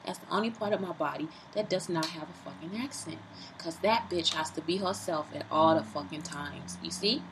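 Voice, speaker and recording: A woman talking casually and profanely into her phone camera, lively, self-mocking and rambling. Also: low voice, moderate pace, noisy background. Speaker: vlogger. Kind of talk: casual vlog monologue.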